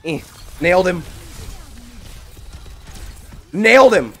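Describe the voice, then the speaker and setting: Excitable young man yelling game callouts. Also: fairly high pitch, moderate pace. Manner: excitable, swears a lot, yells callouts to teammates. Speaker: gamer streaming a team shooter match. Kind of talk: live gameplay commentary with team callouts.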